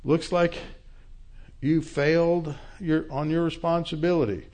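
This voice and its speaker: A preacher playing King David, taunting and high. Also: steady tone, unhurried, a little mellow, natural voice. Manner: mocking, pointed questions.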